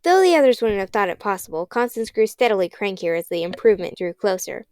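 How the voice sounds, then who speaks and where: A woman reads a children's novel aloud in a steady, expressive storybook narration. Her voice is mid-pitched, smooth and clear. The recording is close and dry, with no room sound. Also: fast talker, dry recording. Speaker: audiobook reader.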